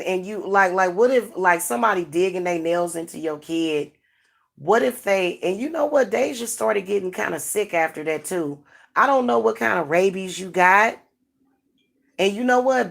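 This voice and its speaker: Middle-aged woman, lowish voice, just talking real to her viewers, lots of fillers and restarts. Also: gravelly. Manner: frank, chatty, with many restarts and fillers. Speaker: spiritual advisor and channel host. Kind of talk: casual monologue to viewers.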